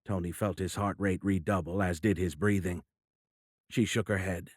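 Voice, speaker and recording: Male audiobook narrator, low voice, steady and measured, dry close-mic studio sound. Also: dry recording. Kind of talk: scripted narration.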